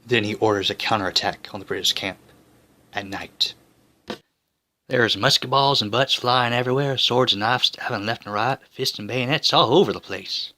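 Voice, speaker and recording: A man narrating history in a jokey, breezy way, tossing in quick voiced asides. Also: fairly low pitch, sharp tone.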